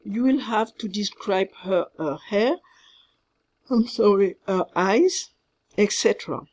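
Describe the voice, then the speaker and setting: French-accented lady teacher, slow and husky, goes over instructions carefully. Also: medium pitch, a little mellow. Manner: slow, careful, repeats herself, mixes in French words. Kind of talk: recorded class instructions.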